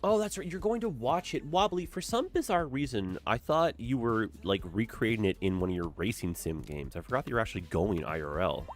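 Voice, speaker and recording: A man streams a city-building game, chatting casually and reacting with dramatic exclamations as he plays. His voice is on the low side, animated and fairly quick, with few pauses.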